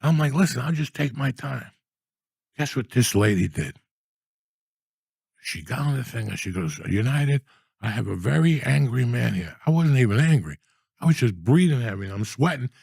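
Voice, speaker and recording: Gravelly profane man in his sixties. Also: medium pitch, moderate pace, long pauses, no echo, studio quality. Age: 60s. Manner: profane, animated, mock-outraged rants. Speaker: podcast guest storyteller. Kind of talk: casual comedic storytelling.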